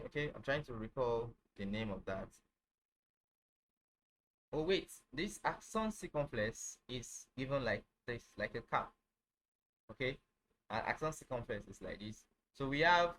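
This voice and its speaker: A man teaching a casual online lesson, halting, with many fillers, who says each phrase over and over. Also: medium pitch, fairly bright tone, poor audio. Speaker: language teacher.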